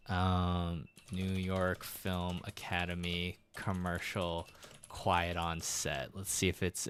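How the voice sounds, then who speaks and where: A man's voice: sits low, fairly bright tone, clear, resonant tone. A man streaming while drawing, telling stories in a rambling, casual way with many fillers and restarts.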